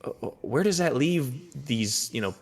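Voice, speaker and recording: A man's voice: mid-range voice, expressive, moderate pace, darkish tone. A young man co-hosting a podcast, chatting casually and rambling with lots of fillers. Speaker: podcast co-host. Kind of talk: casual chat.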